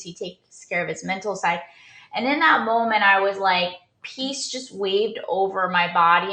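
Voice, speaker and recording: Woman, performance coach, earnest motivational storytelling, bright tone, echoey room. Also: medium pitch. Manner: earnest storytelling with many restarts and fillers. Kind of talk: casual motivational talk.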